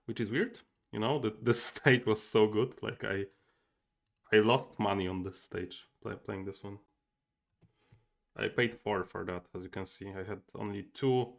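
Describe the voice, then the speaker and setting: A young man talks himself through his moves as he plays a board game live, stopping now and then to greet viewers. His voice sits low and has a gravelly edge, and he keeps things loose and chatty. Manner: thinking aloud, chatting with viewers. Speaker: game streamer. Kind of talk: casual livestream commentary.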